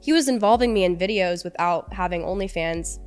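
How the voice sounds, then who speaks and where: A woman's voice: lowish voice, brisk, faint music behind. A young woman recounting a personal story as a podcast guest, rambling and peppering her talk with "like". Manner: rambling, heavy use of "like", emotional retelling. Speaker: interview guest.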